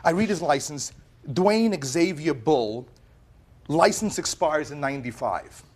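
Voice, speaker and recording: A man testifying as plaintiff in a television courtroom. He tells his story dramatically, acting out the lines of the people involved. His voice sits a little high for a man. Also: lively intonation, unhurried, a little mellow, slightly rough. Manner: dramatic, acts out quoted dialogue. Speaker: plaintiff in small claims court.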